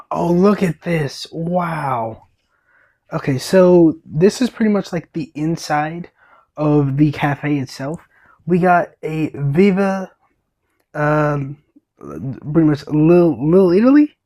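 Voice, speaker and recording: A man's voice: a little high, a little mellow. A young man hosting a read-aloud of a picture book, enthusiastic, with stammering restarts and laughing asides. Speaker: storybook reader, channel host.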